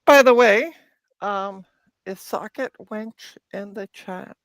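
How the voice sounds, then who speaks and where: Speaking slowly in a mid-range voice with no echo, a Canadian woman chats playfully on a casual live stream as she narrates her tinkering at her home workbench.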